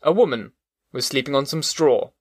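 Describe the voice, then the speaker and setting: A man narrates a classic novel in a steady, measured reading voice of middle pitch. The sound is close and dry, with no room around it. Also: no echo. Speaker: audiobook narrator.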